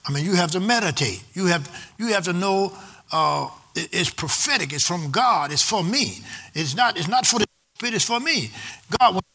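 A man preaching a sermon, prompting the congregation to answer back and reading scripture aloud in a slow, stressed cadence. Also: sits high, animated, pushed and bright, husky. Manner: exhorting with call-and-response to the congregation. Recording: long hall reverb.

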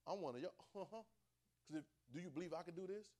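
Dialect-speaking preacher swinging from soft to loud. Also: male voice, high voice, fairly quick. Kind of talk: sermon.

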